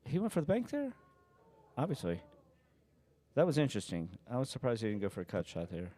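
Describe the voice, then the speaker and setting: A man's voice: medium pitch, huge pitch swings, brisk, mellow. A man commentating a live pool match, chatting casually and telling rambling stories with frequent laughs. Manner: rambling storyteller, laughs often.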